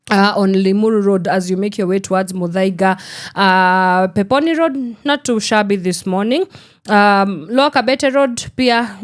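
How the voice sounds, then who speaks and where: Chatty Kenyan woman radio host. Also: medium pitch. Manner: chatty, mixes in Swahili phrases. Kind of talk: morning radio show chat. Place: radio studio.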